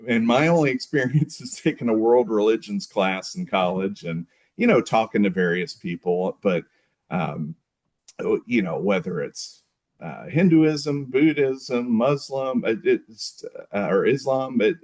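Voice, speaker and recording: A man who is a guest on a podcast, talking thoughtfully with frequent pauses and restarts. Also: fairly low pitch, expressive, darkish tone. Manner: thoughtful, hesitant, many fillers and restarts. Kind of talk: casual conversation.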